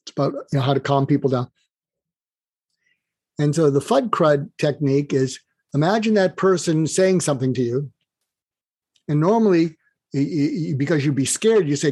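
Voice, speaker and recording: A man's voice: a little high, moderate pace, long pauses, breathy edge, no echo. An older man guest on an interview, explaining advice animatedly and acting out bits of dialogue. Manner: animated, acts out quoted dialogue. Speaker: guest author.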